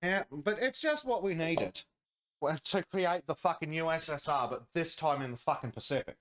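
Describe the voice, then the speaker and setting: A man hosting a casual podcast, sarcastic and profane as he mocks the headlines. His voice sits slightly high for a man and leaps around in pitch, rising sharply whenever he quotes someone. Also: lively intonation, normal speed, a bit bright. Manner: sardonic, profane, reads chat comments aloud. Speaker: podcast host. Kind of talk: casual political chat.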